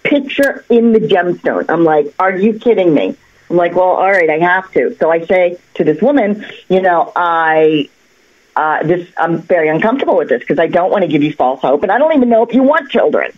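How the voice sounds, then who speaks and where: A woman who works as a psychic, telling a story on a cable access talk show in an animated, chatty way with lots of fillers and restarts. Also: on the low side, brisk, muffled recording. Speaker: psychic guest. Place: local access TV studio.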